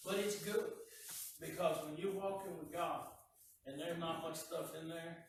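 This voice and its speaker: A man's voice: fairly high pitch, unhurried, a little hiss or hum. A male pastor preaching a sermon in a folksy, conversational way, often repeating words. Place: church sanctuary. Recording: echoey church heard from a distance.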